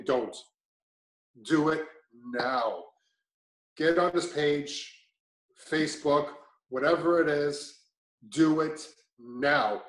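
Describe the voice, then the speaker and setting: Brief: man, a bit high, rambling testimonial, echoey room. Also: unhurried. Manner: rambling, many restarts and fillers. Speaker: client giving a testimonial. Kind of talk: casual testimonial chat.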